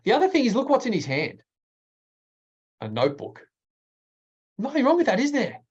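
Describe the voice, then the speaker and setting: A man, a speaking coach presenting a workshop in an energetic, emphatic way with deliberate pauses. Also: slightly rough, dull audio. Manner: energetic, emphatic, varies pitch widely.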